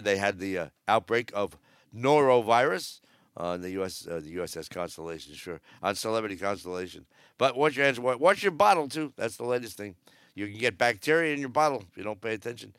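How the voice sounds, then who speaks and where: A man's voice: lowish voice, fairly bright tone, no echo, clean studio sound. A man in his seventies hosting a podcast, giving blunt, rambling, sarcastic news commentary. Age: 70s. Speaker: podcast host. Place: aboard a cruise ship.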